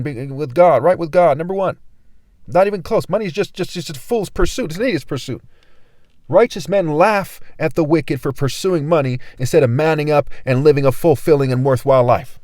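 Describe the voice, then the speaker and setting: A man's voice: on the high side, no room sound. Brief: young man, fiery video preacher, raised voice, dry close sound. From California. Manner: intense, ranting, swings between loud and muttered. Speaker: online preacher. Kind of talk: video sermon reading scripture.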